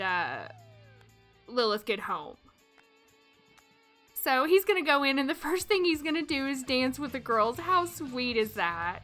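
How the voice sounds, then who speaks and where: A woman's voice: a little high, bright, forceful tone. A woman hosting a let's play, commenting casually on her game and reacting with dramatic emotion while addressing viewers.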